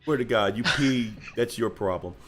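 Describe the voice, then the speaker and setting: A man hosting a casual livestream, bantering loudly and laughing as he teases his guests. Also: medium pitch, normal speed, faint music behind. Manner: loud, laughing, teasing. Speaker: host.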